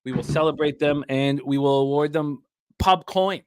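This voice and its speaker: A man hosting a live sports betting show, joking in a deadpan, crude way and reading out bets. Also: a little high, moderate pace, smooth, dry recording, clean studio sound. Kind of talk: casual live-stream banter.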